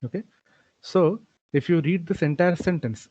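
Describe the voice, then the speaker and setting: A man's voice: a little high, moderate pace, long pauses, darkish tone, breathy edge, no room sound. A man giving a recorded programming lecture, explaining step by step with frequent "okay" and "uh" fillers. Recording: dull, lo-fi dry recording.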